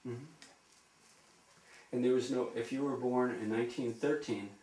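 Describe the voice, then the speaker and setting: A man interviewing, who asks his questions haltingly and repeats himself. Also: mid-range voice, fairly even intonation, mellow. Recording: roomy room sound.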